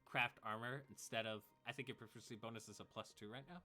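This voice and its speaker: A man's voice: medium pitch, fairly even intonation, quick pace, sharp tone, faint music behind. A man acting as game master, casually explaining rules with fillers. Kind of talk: narrating a tabletop game.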